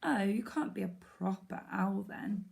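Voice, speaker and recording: A woman's voice: medium pitch, lively intonation, measured pace, vocal fry, darkish tone. A woman voicing a bossy young schoolgirl who talks in a superior, know-it-all manner. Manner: superior, matter-of-fact.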